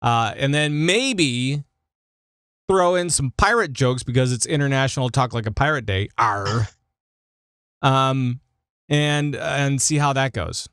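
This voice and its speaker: A man's voice: mid-range voice, a little slow, clear, resonant tone, no room sound, studio quality. A man hosting a gaming podcast in casual chat, rambling with lots of fillers. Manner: animated, chatty, lots of fillers. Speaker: podcast host.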